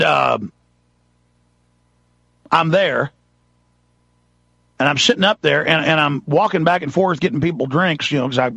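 Gravelly heated male talk host. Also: fairly high pitch, dry recording. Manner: forceful, heated, acts out quotes dramatically. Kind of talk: ranting monologue.

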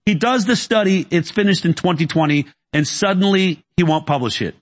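A man speaks as a guest in a conversation, recounting events in a quick, emphatic storytelling manner. His voice sits somewhat high for a man. He slips into the dialogue he retells and often restarts his sentences. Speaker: interview guest.

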